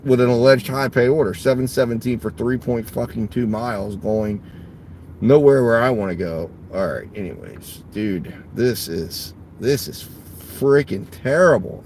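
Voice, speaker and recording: A man sits in his car filming himself between delivery orders, with a rough, gravelly voice at an ordinary pitch. He talks to viewers casually, curses often, and jumps between quiet muttering and loud bursts of frustration. Faint engine and road noise hums in the background. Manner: swears a lot, swings from grumbling to outbursts. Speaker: gig delivery driver. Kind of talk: casual vlog while driving.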